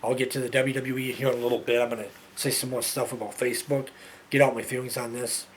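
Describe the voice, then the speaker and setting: A man hosts his own talk show and rants at length in an exasperated, repetitive way, often restarting his sentences. His voice sits at an ordinary middle pitch. There is a faint ambient hum behind him. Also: little pitch movement, fast talker. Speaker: show host. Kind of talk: ranting monologue.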